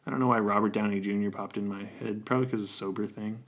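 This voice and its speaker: A man's voice: fairly low pitch, fairly even intonation, fast talker. Joking, rambling male co-host. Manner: rambling, joking, laughs often. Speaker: podcast co-host. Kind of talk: casual comedic chat.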